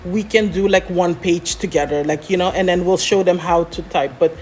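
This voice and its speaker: A woman scriptwriter explaining how to write a script in a relaxed, chatty way, often pausing on "um" and "you know". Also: lowish voice, slight background noise. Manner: chatty, many fillers, explains step by step. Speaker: scriptwriter guest. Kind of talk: explaining scriptwriting in a casual chat.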